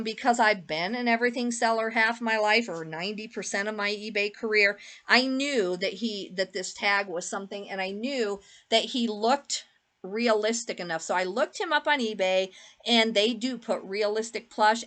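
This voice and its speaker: A middle-aged woman with a medium-pitched, slightly bright voice chats casually and uses plenty of fillers. She's an eBay reseller showing viewers the things she found thrifting, in a relaxed haul video.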